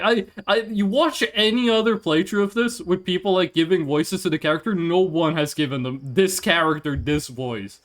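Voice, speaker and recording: A man's voice: high-pitched, fairly even intonation, normal speed, hardly any pauses, a bit bright. A man streaming a game live, rambling and swearing casually as he plays. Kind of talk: live gameplay commentary.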